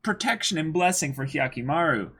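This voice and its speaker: Man, bright tone, a bit husky, casual anime reaction chat, thoughtful, restarts often. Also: a little high, animated. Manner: thoughtful, builds ideas slowly with restarts and fillers. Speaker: co-host of an anime reaction show.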